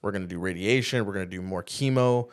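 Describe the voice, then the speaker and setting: A man who is a youth pastor, telling a personal story on a podcast in an animated way, acting out what others said and saying "like" often. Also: low voice, fast talker. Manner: animated, acts out quoted dialogue, heavy use of "like". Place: podcast studio.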